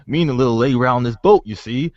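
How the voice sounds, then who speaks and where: A man voicing a gruff old male storyteller, spinning a tall tale in a deep, folksy drawl. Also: very fast, darkish tone, no echo, lightly acted. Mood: boastful. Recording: dull lo-fi podcast audio.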